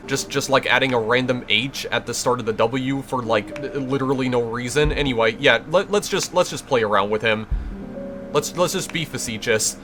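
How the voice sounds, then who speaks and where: A man's voice: medium pitch, normal speed. A man giving wry, chatty let's play commentary, often restarting his sentences. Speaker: game commentator. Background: game music.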